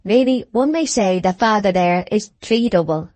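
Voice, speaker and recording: A woman's voice: mid-range voice, moderate pace, darkish tone, dry recording, natural voice. A woman reading the part of the maltster's elderly, bent son in an audiobook, plainspoken and correcting. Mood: plain.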